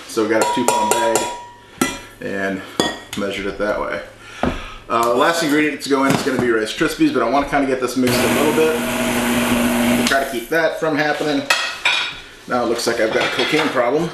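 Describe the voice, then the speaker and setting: Cooking at home for his casual video, this host chats, jokes, and teases his mother as he goes. He speaks in a mid-range voice at a moderate pace with long pauses. Heavy background noise fills the echoey kitchen, dishes and utensils clattering and clinking.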